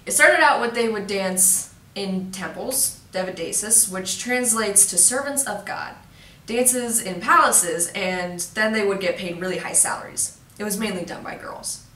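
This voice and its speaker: A woman presenting a jokey crash course, playful and teasing, with quick asides to her viewers. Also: medium pitch, sharp tone, slight background noise. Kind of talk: jokey educational explainer. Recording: roomy echo, mic at a distance.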